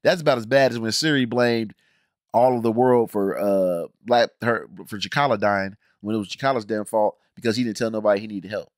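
A man hosting a casual reaction review, ranting in an animated, emphatic, slangy way with many restarts. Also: fairly low pitch, fairly quick, dry recording, clean studio sound. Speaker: reaction channel host.

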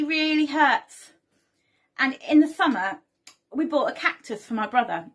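A young woman presents a storytelling lesson for children in a church setting. Her voice sits slightly high, and her manner is gentle as she asks the children questions and invites them to take part.

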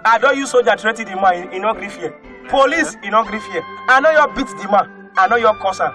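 A male comedian with a Nigerian Pidgin English accent, telling animated comic stories and often breaking into shouted put-on voices. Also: sits high, fast talker. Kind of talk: stand-up comedy storytelling. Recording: faint music behind.

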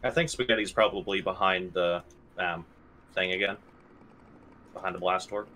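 Male gamer, low voice, forceful bright tone, casual, swears freely, hesitant fillers. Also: steady tone, normal speed, a little hiss or hum, poor audio. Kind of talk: casual chat while playing a co-op game.

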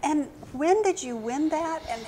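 A woman's voice: high-pitched, expressive, measured pace, noisy background. A woman hosting a cooking talk show in a kitchen showroom, cheerful and enthusiastic. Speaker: host.

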